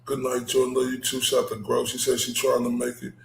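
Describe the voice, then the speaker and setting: A man from Dallas, hosting a casual livestream chat, animated and laughing, ending points with "right?". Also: mid-range voice, quick pace, vocal fry, echoey room, a little hiss or hum. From Dallas, Texas. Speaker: livestream host.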